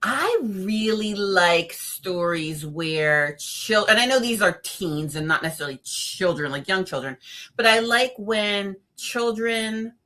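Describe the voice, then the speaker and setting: Woman horror reviewer, casual chat, bright forceful voice, animated reactions. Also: medium pitch, takes it slowly. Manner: expressive, animated, acts out reactions. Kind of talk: casual film discussion.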